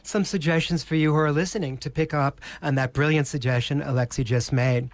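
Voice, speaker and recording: A man with an Australian accent, a presentation coach on a podcast, speaking slowly with theatrical emphasis. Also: fairly high pitch, fairly even intonation, no echo. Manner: slow, theatrical, emphatic delivery. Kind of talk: podcast interview.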